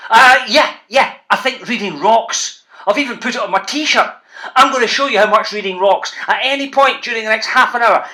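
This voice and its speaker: Brief: playful Scottish author hosting a kids' reading session, bright and punchy. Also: male voice, very high-pitched. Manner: bouncy, playful, calls out to the kids. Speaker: children's author presenting a reading show. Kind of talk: lively talk to school classes.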